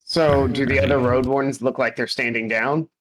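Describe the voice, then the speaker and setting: A man's voice: mid-range voice, fairly even intonation, normal speed, fairly bright tone, low-quality recording. A man playing a tabletop game in casual chat, joking and asking questions about the rules. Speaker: player.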